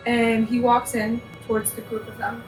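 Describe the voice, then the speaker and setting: A woman's voice: on the high side, completely flat delivery, moderate pace. Brief: woman game master, heard from a distance, with music underneath. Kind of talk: tabletop role-play narration. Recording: echoey, distant, music behind.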